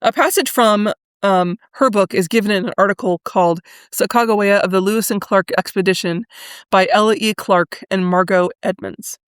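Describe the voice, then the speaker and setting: A woman hosting a solo history podcast, talking in a thoughtful, conversational way, with fillers and pauses now and then. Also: medium pitch, clean tone, no echo, clean studio sound. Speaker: podcast host.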